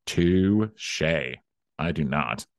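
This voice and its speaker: A man with a lowish voice plays a flustered, incredulous farmer in an improv comedy scene. The recording is dry and close. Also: animated, very slow, gravelly, no echo. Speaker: improv performer, farmer character.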